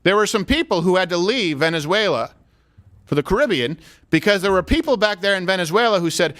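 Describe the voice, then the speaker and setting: A man hosting a talk show, giving opinionated comedic commentary in a sarcastic, animated way that slips into acted-out dialogue. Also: high-pitched, brisk.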